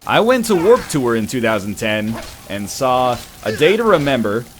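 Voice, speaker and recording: A man's voice: medium pitch, very animated, moderate pace, a little hiss or hum. A man riffing and joking sarcastically in casual stream chat. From Canada.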